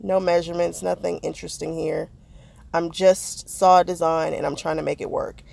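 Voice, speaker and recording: A crafting vlogger with a lowish, level, darkish voice and some vocal fry speaks at normal speed. She chats casually with viewers while narrating a craft project, poking fun at her own mistakes.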